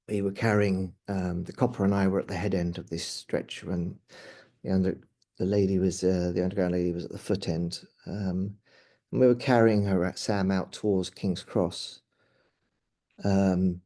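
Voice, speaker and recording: A middle-aged man, a paramedic, recounting a personal experience in an interview, halting and earnest with frequent restarts, often dropping quiet. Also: deep voice. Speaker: paramedic guest.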